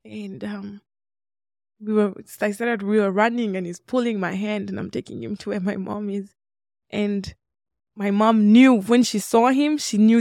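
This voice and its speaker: A woman's voice: mid-range voice, steady tone, moderate pace, darkish tone, dry recording, clean studio sound. A woman in her twenties from Congo, a guest telling her life story in an interview and acting out remembered dialogue. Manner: earnest, acts out remembered dialogue. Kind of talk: personal storytelling in a podcast interview.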